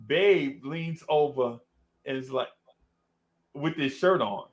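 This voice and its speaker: A middle-aged man telling a story in an animated, casual way, laughing often and calling his listener "bro.". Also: fairly high pitch, slow, pauses often. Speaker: podcast host.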